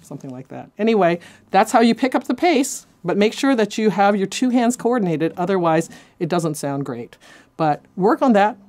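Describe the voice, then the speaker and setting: A woman's voice: medium pitch, sing-song, normal speed, darkish tone. Woman cello teacher, encouraging, counts aloud, faint cello behind her. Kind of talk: instructional lesson. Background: faint cello music.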